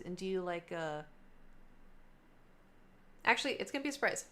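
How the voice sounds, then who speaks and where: Young woman, streamer, casual rambling chat, chatty, middle pitch. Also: animated, a little fast, bright, forceful tone, a little hiss or hum. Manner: rambling, chatty, jumps between topics. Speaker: livestreamer.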